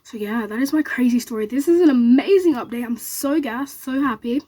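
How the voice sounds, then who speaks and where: A young woman, vlogging to camera and telling an excited story in a rapid, animated way, acting out what others said. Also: on the high side. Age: young adult.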